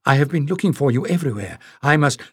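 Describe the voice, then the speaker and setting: A man's voice: medium pitch, expressive, quick pace, a bit bright, slightly rough, no room sound, studio quality, pitched above the performer's own voice. A man voicing a stern, proud young noblewoman who speaks in clipped, demanding sentences. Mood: urgent.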